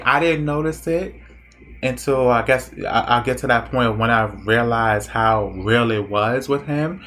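A man's voice: medium pitch, a bit bright. A young man casually telling a story about his own past in a rambling, conversational way, full of fillers and restarts.

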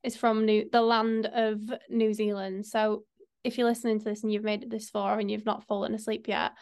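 A woman's voice: mid-range voice, level tone, moderate pace, darkish tone. A young woman hosting a casual podcast, chatting in a rambling way with lots of fillers. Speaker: podcast host.

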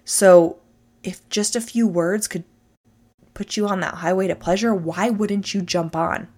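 A woman delivering a motivational talk straight to her listeners, with an animated, emphatic way of speaking. She sits at a middle pitch for a woman and leans hard on key words to drive her points home. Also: a little slow.

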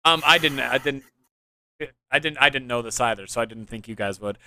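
A man's voice: medium pitch, a little fast, pushed and bright, a little hiss or hum. A young man hosting a casual gaming podcast, rambling and restarting as he explains his ideas with enthusiasm. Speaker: podcast host.

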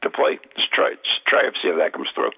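A man hosting a casual radio chat about ghost hunting, talking in a rambling, halting way with many restarts. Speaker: paranormal investigator host. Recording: tinny phone-line radio audio.

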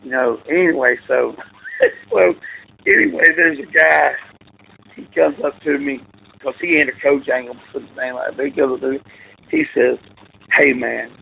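Gravelly man telling rambling stories. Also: medium pitch, very animated, moderate pace, pauses often. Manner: rambling, laughing, self-correcting anecdotes. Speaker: football coach, guest. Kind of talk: casual storytelling. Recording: tinny phone-like line with faint noise.

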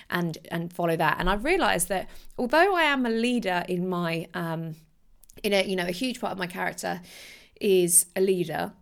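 Young woman, podcast host, chatty, low and slightly gravelly voice. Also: moderate pace. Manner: chatty, animated, with restarts and laughs. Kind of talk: casual solo podcast talk.

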